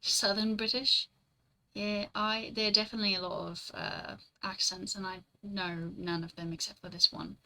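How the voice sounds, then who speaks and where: A woman's voice: fairly low pitch, fairly even intonation, normal speed, few pauses, sharp tone, poor audio. A young woman streamer in casual, rambling chat, reading and answering her chat, swearing casually and laughing often.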